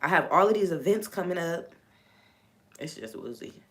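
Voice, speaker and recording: A woman's voice: fairly low pitch, expressive, moderate pace. A woman hosting a faith talk on a live stream, venting frankly and swearing freely.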